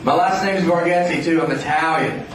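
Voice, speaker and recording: A stand-up comedian with a Tennessee Southern accent, delivering a live set in a deadpan, meandering way with many hesitations. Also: male voice, fairly high pitch, normal speed. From Tennessee, USA. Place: stage in a venue with an audience. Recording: noisy, echoey live stage recording.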